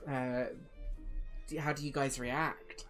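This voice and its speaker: A woman narrating as game master of a tabletop game, relaxed and hesitant with many fillers. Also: a bass voice, slow pace, soft background music.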